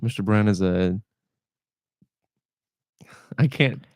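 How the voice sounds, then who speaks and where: A man's voice: lowish voice, takes it slowly, a little mellow, no echo. A man in casual chat as a podcast guest, teasing and joking with the host. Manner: teasing, joking, laughs a lot.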